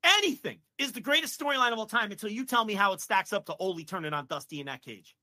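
A man co-hosting a podcast, ranting with heated, profane excitement in casual chat. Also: high voice, quick pace. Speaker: podcast co-host.

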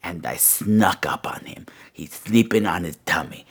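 A man voicing a gleeful, vicious male gargoyle on a comedy podcast, gloating and swinging between shrill squeals and low growls. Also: expressive, unhurried, sharp tone, exaggerated voice. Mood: menacing. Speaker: podcast host. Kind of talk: comedy podcast character monologue.

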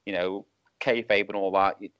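A man's voice: lowish voice, level tone, normal speed, a bit bright, smooth, dry recording. A man, a wrestling referee guest, telling rambling anecdotes with chuckles over a video call. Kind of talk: casual chat. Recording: muffled Skype call audio.

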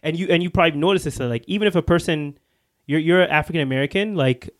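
Slightly high-voiced chatty male co-host. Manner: earnest and talkative, drawn-out explanations. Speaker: podcast co-host. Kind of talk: casual conversation.

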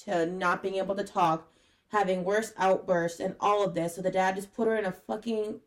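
A young woman on a casual podcast, retelling a story in a loose, rambling way. She is blunt and swears often, with a pitch in the middle of the range. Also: fairly even intonation, moderate pace. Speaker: podcast co-host. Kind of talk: casual chat.

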